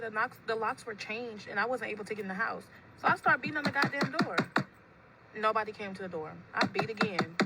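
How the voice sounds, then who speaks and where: A woman with a fairly high voice tells a wild personal story at a rapid clip. She acts out every quoted line as she goes. Loud traffic and vehicle noise run clearly behind her. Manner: animated, acts out quoted dialogue.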